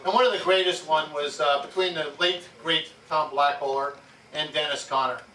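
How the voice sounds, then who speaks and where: Man telling lively stories to a room. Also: on the high side, normal speed. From New Jersey. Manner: lively, jokey anecdotes with frequent laughs. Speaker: keynote speaker. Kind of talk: storytelling speech to an audience. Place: yacht club event room. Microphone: far amateur camera. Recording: roomy, distant, noisy amateur tape.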